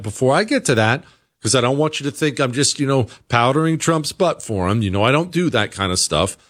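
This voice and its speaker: A man's voice: medium pitch, a bit bright. An American man hosting a talk show, delivering an opinionated monologue that is full of emphatic rhetorical questions. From United States. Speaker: political talk show host.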